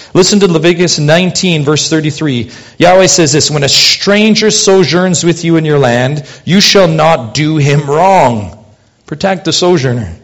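A man preaching a sermon, earnest, asking rhetorical questions and swinging between loud emphasis and quiet asides. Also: fairly high pitch. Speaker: pastor.

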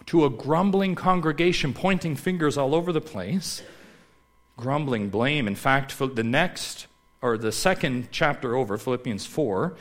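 A man preaching a sermon as pastor. He repeats key phrases and swings between loud, urgent lines and hushed ones. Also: medium pitch.

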